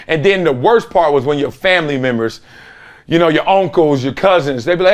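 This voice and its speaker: A middle-aged man hosts a sports talk show in an animated, emphatic monologue. His voice sits high and swings widely in pitch as he tells stories. He acts out the other people in those stories in quick bits of voice. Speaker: host, former NFL player.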